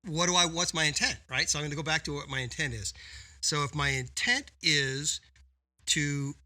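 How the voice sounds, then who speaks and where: A man's voice: on the high side, fairly even intonation, normal speed, pushed and bright. A man co-hosting a business podcast, explaining in an emphatic, coaching way and often tagging points with "right?". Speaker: podcast co-host. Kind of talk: casual business podcast talk.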